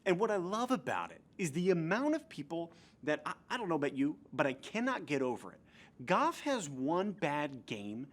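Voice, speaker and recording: A man's voice: on the high side, sing-song, moderate pace, fairly bright tone. A young man from New Jersey hosting a comedic football recap in a goofy, playful way. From New Jersey, USA. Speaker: host.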